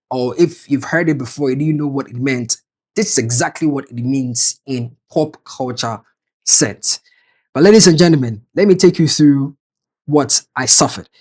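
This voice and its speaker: Animated, sarcastic man. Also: on the high side, slightly rough. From Ghana. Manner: animated, sarcastic, swings between loud and quiet asides. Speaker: media personality. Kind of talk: casual commentary reading out online comments.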